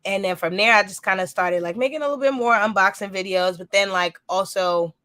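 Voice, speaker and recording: A woman's voice: medium pitch, a little fast, fairly bright tone, no room sound, studio quality. A woman guest in a casual interview, telling her story in a chatty, rambling way with lots of filler words. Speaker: podcast host and sneaker content creator, guest.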